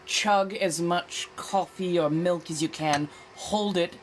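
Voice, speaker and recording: A woman's voice: fairly low pitch, takes it slowly, a little hiss or hum. A woman hosting a casual livestream chat in an affected old-fashioned American accent, languid and theatrical, calling her viewers darling. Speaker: livestream host.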